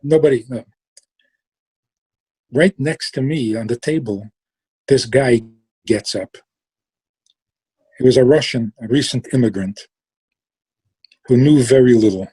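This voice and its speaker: A man telling a story in a relaxed way, slow and reflective, trailing off and restarting and sometimes acting out the people in it. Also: mid-range voice, husky. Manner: acts out quoted voices with sudden outbursts.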